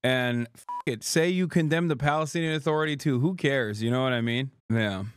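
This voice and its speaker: A man's voice: mid-range voice, a little fast, a little hiss or hum. A man hosting a livestream, reacting to news in a casual, sarcastic, profane, joking way. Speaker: streamer host.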